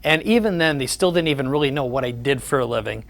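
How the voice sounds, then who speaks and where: A man's voice: mid-range voice, lively intonation, fast, gravelly, fairly bright tone. A man giving a sales presentation, telling personal stories and acting out the conversations in them. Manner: storytelling, repeats the words of others in conversation.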